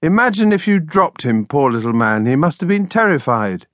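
A man's voice: fairly high pitch, very animated, moderate pace, dry recording. A man voicing a tender-hearted, indignant young schoolgirl twin in a children's storybook, scolding and worried.

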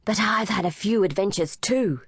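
A woman voicing a curious, playful young male cat who talks in a high, purring way. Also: moderate pace, husky, no echo, clean studio sound.

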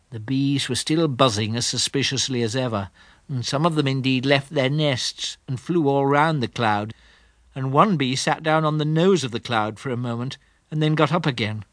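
A man reading a classic children's storybook aloud in a gentle, unhurried, expressive way. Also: mid-range voice, no echo, clean studio sound. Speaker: audiobook narrator.

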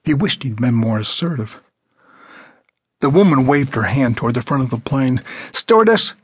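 A man narrating his own novel as an audiobook, with a measured, plain delivery. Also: medium pitch, darkish tone, breathy edge, no room sound.

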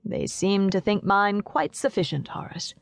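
A woman voicing a middle-aged father who speaks low, sadly and in a measured way in an audiobook. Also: big pitch swings, vocal fry, no room sound. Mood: grave.

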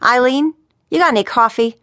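Give me a gruff older New Orleans detective, put on by a woman, with a lively delivery. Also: medium pitch, normal speed, dry recording, studio quality, natural voice. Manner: gruff, irritated. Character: gruff 65-year-old male private investigator.

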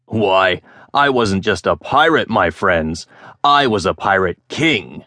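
A man voicing a boastful former pirate who tells tall tales in rough dialect. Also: low-pitched, animated, slow pace, sharp tone, no echo, clean studio sound, exaggerated voice. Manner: swaggering, dialect speech. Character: boastful old male ex-pirate storyteller.

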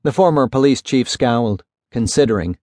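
A man narrating a literary novel in a measured, even storytelling voice. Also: mid-range voice, no echo, clean studio sound. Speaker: audiobook narrator.

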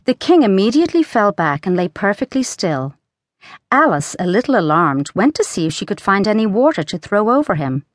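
A woman narrating a children's storybook audiobook in a lively, expressive reading. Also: medium pitch, fairly quick, no echo, clean studio sound.

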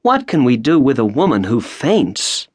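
A man's voice: medium pitch, huge pitch swings, moderate pace, darkish tone, husky. A man voicing an indignant, fussy middle-aged woman who exclaims. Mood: exasperated.

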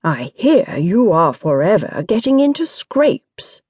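Lady playing a charming soft-spoken teen viscount, smooth and low, dry close sound. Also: very animated, takes it slowly, dry recording, full character voice. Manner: murmuring and smooth. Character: suave aristocratic teenage boy, charming and soft-spoken.

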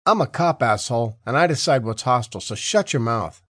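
A man's voice: mid-range voice, expressive, brisk, no echo, clean studio sound, lightly acted. A man voicing a sneering, bullying male cop who taunts and curses in an audiobook. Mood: taunting. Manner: taunting, crude.

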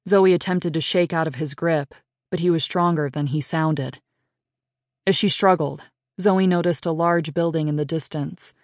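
A woman narrating an audiobook in a measured, unhurried read on a studio mic. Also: deep voice, darkish tone, no echo. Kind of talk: scripted narration.

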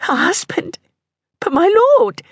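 A woman's voice: a little high, little pitch movement, measured pace, warm tone, husky, no echo, voice pushed up, full character voice. A woman voicing an anxious thirty-eight-year-old mistress who speaks in a raised, imploring way. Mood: pleading.

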